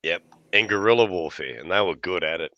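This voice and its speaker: Give me a bright-voiced Australian man spinning yarns. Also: low-pitched, fairly quick, no echo, muffled recording. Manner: laughs often, swears freely, lively yarn-spinning. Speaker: livestream host. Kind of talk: casual chat with jokes and yarns.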